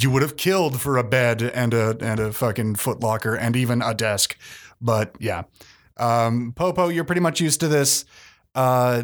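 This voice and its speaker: A man narrating a tabletop game as game master, in a loose, chatty way with many fillers. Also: mid-range voice.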